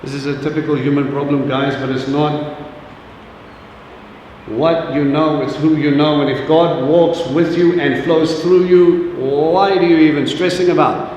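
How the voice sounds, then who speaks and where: A man's voice: a little high, fairly even intonation, measured pace, darkish tone, a little hiss or hum. A man preaching an informal sermon to a congregation, chatty and joking, often putting questions directly to the audience. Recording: echoey hall, distant mic, faint ambience.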